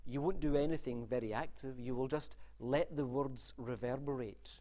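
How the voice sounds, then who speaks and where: A man's voice: mid-range voice, steady tone, normal speed, dark tone. A man giving a university literature lecture in a wry, discursive manner, with asides and restarts. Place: lecture room.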